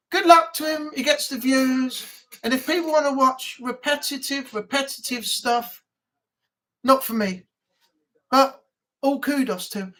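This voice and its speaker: A woman's voice: high-pitched, unhurried, pushed and bright. A woman hosting a casual weekly live chat, rambling and chatty with lots of ums. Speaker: live stream host.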